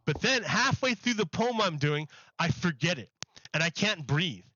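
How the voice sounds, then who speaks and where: A man's voice: on the high side, very animated, normal speed, sharp tone, dull audio. A man chatting casually on a livestream while gaming, rambling and filling his talk with "like". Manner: rambling, heavy use of "like".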